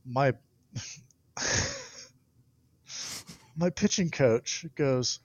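A man, a guest on a podcast, telling stories in casual chat, animated and laughing often. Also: mid-range voice, extremely slow, long pauses, dry recording, lo-fi sound. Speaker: guest pitcher.

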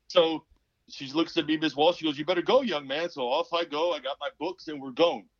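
A man's voice: a little high, moderate pace, dry recording. A man in his fifties, a former pro basketball player, telling a story as a podcast guest and acting out the people in it. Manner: animated, acts out quoted people. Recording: dull, dry sound.

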